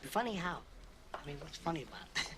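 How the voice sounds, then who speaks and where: A hot-tempered film mobster. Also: male voice, on the high side, big pitch swings. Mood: menacing. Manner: profane, quick-tempered, swings from jokey to menacing. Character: volatile, swaggering male mobster, middle-aged. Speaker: gangster in a film scene. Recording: noisy film audio played back.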